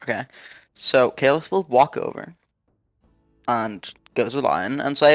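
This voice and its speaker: A tabletop player talks slowly, with a pitch that moves around a lot. The sound is dry and close. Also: big pitch swings, no echo, faint music behind. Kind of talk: casual tabletop play, speaking in character.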